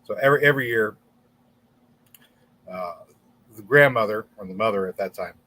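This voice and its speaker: A man's voice: on the low side, sharp tone. Guy rambling on a home livestream, trips over his words a lot, green screen room. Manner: rambling, with many halting repeated words. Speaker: channel host. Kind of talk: casual livestream talk.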